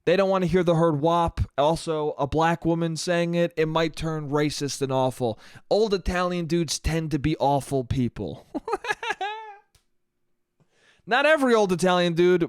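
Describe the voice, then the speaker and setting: A man's voice: a little high, clear, resonant tone, no echo, clean studio sound. A man hosting a solo comedy podcast, talking in a profane, rambling way and laughing at his own jokes. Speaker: podcast host.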